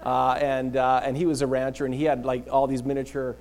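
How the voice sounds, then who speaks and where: A man's voice: mid-range voice, fairly quick. A middle-aged man, a pastor preaching a sermon, telling a funny story with frequent laughs. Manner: animated storyteller, often laughing.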